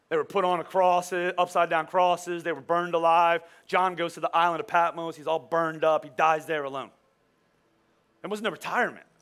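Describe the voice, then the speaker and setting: High, bright animated pastor preaching. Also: male voice. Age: 40s. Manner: animated, storytelling with playful humor. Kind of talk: sermon. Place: church. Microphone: wearing a microphone.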